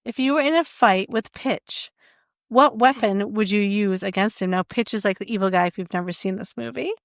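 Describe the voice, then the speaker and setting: A woman's voice: mid-range voice, normal speed, no echo, studio quality. A young woman co-hosting a podcast, chatting casually and reading quiz questions aloud with laughs. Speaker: podcast co-host. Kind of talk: casual chat.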